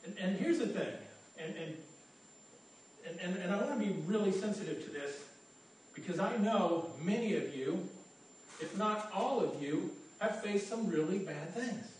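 Recorded from far off in an echoey room with slight background noise, a pastor delivers his sermon in a high-pitched voice with lively intonation at normal speed. He's earnest and conversational, frequently restarting and repeating his first words.

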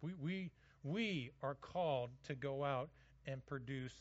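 A man's voice: medium pitch, unhurried, no echo, dull audio. A male pastor giving a conversational sermon, often repeating words as he goes.

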